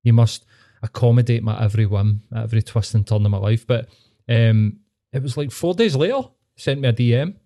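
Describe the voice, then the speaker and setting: A man's voice: mid-range voice, fairly quick, mellow. A Glaswegian man chatting casually on a podcast, dry and sweary, laughing often. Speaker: podcast co-host. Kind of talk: casual chat.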